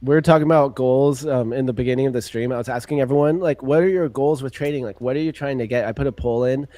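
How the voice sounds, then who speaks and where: A man's voice: mid-range voice, fast, mellow. A man co-hosting a live stream, chatting casually in an upbeat way. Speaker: stream co-host. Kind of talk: casual chat.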